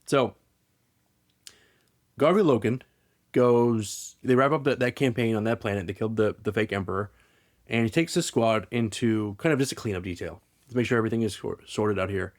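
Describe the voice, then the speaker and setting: A man hosting a podcast, retelling a story in casual chat, rambling and animated with lots of restarts. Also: on the low side, normal speed. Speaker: podcast host.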